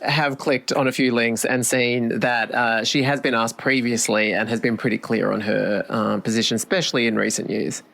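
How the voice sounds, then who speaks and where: A woman co-hosting a podcast in casual chat, hesitant and halting in her replies. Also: a bass voice, steady tone, gravelly, a bit bright. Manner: hesitant, restarts. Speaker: podcast co-host.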